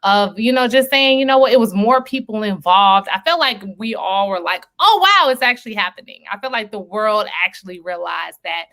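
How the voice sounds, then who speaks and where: A woman hosting a film screening stream in a chatty, animated way, with many fillers and laughs. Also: mid-range voice, normal speed, few pauses. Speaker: host. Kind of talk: casual livestream chat.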